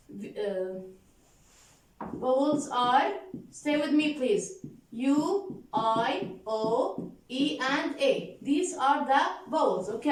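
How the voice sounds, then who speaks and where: Woman teacher going over spelling rules, high voice, keeps checking everyone's following, spells out letters slowly. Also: reverberant. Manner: patient, repeats points and checks understanding with "okay?" and "deal?". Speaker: English grammar teacher. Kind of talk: explaining grammar rules to students.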